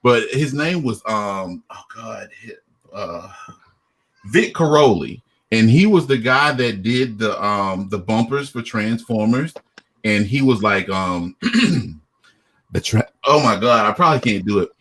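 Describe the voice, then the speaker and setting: Husky middle-aged man, hesitant. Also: fairly low pitch, expressive, a little slow, a bit bright. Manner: hesitant, many fillers and restarts. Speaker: guest. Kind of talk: casual chat.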